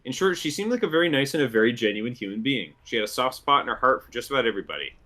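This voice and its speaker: A man in a relaxed podcast chat, quick to laugh. His voice is bright and forward, at an ordinary pitch for a man. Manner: chatty, laughs easily. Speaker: podcast co-host. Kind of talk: casual chat and script reading.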